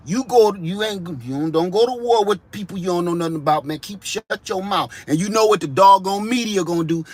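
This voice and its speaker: A man from Ohio doing a comedic monologue, animated and full of slang. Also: high-pitched. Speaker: vlogger.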